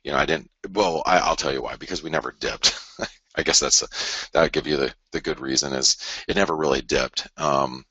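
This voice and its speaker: A man's voice: fairly even intonation, fairly quick, sharp tone, slightly rough, dry recording. A man commenting live on currency charts in a rambling, repetitive way, often mock-quoting traders. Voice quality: very deep voice. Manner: rambling, repeats himself, mock-quotes traders. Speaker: market commentator. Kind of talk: live trading broadcast.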